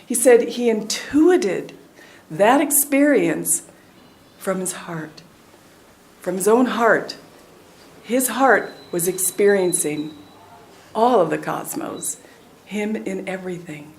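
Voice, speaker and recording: A woman in her sixties from the United States, a spiritual teacher giving a devotional talk with a personal story, earnest and dropping to a soft hush at tender moments. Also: medium pitch, expressive, takes it slowly, long pauses, a little hiss or hum.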